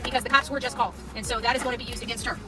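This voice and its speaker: A woman's voice: a little high, fairly even intonation, racing, far from the mic, loud music behind the voice. A woman live-streaming from her car, heatedly confronting and taunting someone, with a repetitive, combative way of talking. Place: in a car in traffic.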